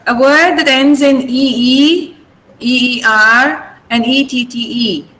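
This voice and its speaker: A woman's voice: high voice, fairly even intonation, slow pace, a bit bright, rough recording. A woman with an Indian English accent teaching an online vocabulary class, patiently drilling word stress. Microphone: video call.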